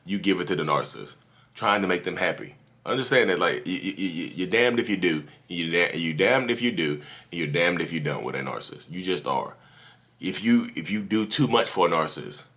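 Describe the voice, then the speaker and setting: A man's voice: low voice, fairly bright tone. A man hosting a podcast, giving casual advice straight to his listeners from his office, repeating his points and calling them "y'all". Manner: repetitive, calls listeners "y'all", preachy. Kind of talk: casual direct-to-camera advice talk.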